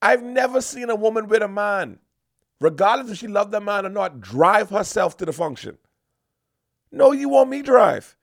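Brief: emphatic mock-preacher man, high voice with gravelly fry, dry close sound. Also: lively intonation, moderate pace, fairly bright tone, no echo. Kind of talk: comic lecturing monologue.

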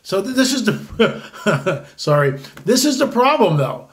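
A man in his late sixties delivers an opinionated commentary monologue as host. His voice sits unusually high for a man. He rambles, breaks off mid-sentence and restarts, and keeps adding asides. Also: big pitch swings, measured pace. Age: 60s.

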